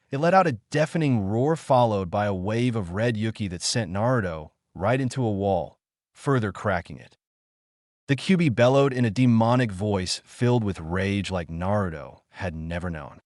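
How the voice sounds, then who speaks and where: A man reads a story aloud in a steady, matter-of-fact narration. His voice is low but moves widely in pitch. The recording is dry, with no room echo. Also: moderate pace. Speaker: fan fiction narrator.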